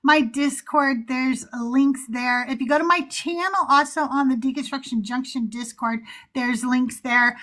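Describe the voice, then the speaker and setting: High bright woman, profane podcast host, blunt and fiery. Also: a little slow, hardly any pauses. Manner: blunt, profane, heated and animated. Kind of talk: casual panel chat.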